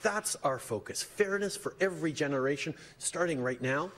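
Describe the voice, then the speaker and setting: A man giving a measured, deliberate statement to the press. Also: fairly high pitch, expressive, a bit bright. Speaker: politician speaking to press.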